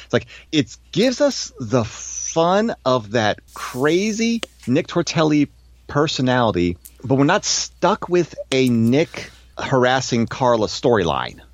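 Lively-voiced man hosting a podcast. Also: mid-range voice, takes it slowly. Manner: animated, thinks aloud with restarts and asides. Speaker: podcast host. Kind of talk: casual chat about a sitcom episode.

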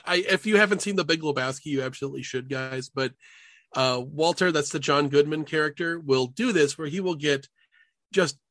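Guy podcast co-host, kinda high voice, lively, laughs a lot, dry sound. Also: brisk, no room sound. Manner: animated, laughs often. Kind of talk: casual chat about TV.

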